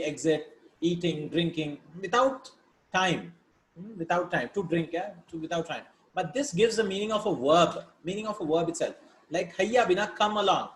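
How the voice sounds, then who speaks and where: A man's voice: high voice, roomy sound, rough recording. A man teaching a grammar lesson, explaining patiently and often checking in with his students by asking "right?". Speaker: Arabic teacher.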